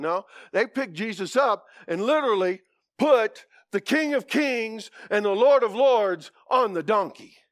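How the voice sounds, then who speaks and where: A man preaching a folksy, animated sermon, with whoops and asides to the congregation. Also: sits high, moderate pace, no room sound, studio quality.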